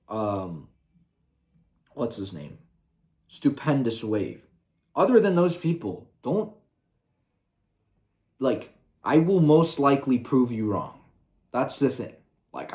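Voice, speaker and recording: A man's voice: on the low side, darkish tone. A young man ranting heatedly on his video channel, swearing often and sounding combative. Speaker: YouTuber.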